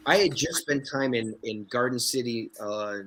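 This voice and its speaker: Brief: man from Canada, guest actor, mid pitch, animated and profane storyteller. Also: moderate pace, slight background noise, rough recording. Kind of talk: casual interview storytelling.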